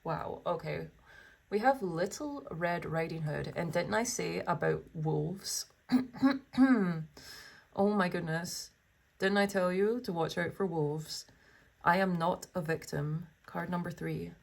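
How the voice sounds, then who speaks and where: Woman doing a tarot pick-a-card reading, lowish voice, reads card texts then gushes to viewers. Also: takes it slowly, creaky. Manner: gushing and exclamatory, full of wows and oh my goshes.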